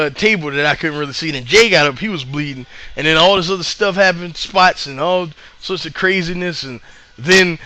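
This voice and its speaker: Excitable man rambling casually, bright voice. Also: on the high side, slight background noise. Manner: rambling, excitable, lots of fillers and restarts. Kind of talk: casual recap of live events.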